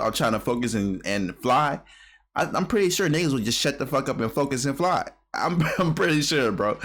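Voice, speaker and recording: A man's voice: medium pitch, fairly bright tone. A man streaming a casual reaction, talking in laid-back, profane slang and laughing often.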